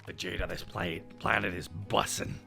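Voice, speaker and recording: A man's voice: low-pitched, fairly even intonation, moderate pace, gravelly, pushed and bright, faint music behind. A man chatting casually and joking with profanity while he streams a game. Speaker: VTuber streamer.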